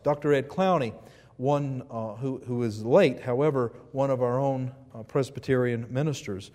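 A man's voice: mid-range voice, normal speed, warm tone, in a large hall. A man preaching a sermon as pastor, emphatic and rising on key phrases, with light asides. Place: church sanctuary.

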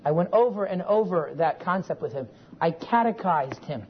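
A man's voice: high-pitched, animated, moderate pace. Folksy man teaching a Bible class. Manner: folksy, digressive, checks in with listeners. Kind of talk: classroom lecture with personal story. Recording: dull lo-fi recording with faint hiss.

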